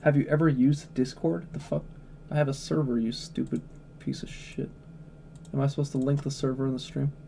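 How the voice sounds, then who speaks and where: Gravelly, blunt, swearing male streamer. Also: mid-range voice, fairly even intonation, fairly quick, warm tone, a little hiss or hum. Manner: blunt, profane, opinionated. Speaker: livestreamer. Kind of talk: casual livestream chat.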